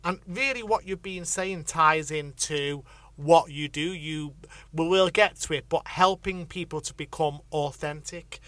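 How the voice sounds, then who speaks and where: A man with a Liverpool accent hosts a radio show from a studio. His voice is bright and sits a little high. He talks in a reflective, easygoing way with plenty of fillers. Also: a little slow, no echo. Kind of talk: casual interview chat.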